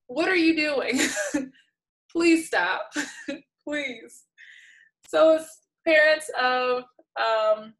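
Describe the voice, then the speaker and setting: A woman giving a casual tarot reading, playful and exasperated, laughing often and swinging between soft mutters and loud outbursts. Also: on the high side, poor audio. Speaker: tarot reader.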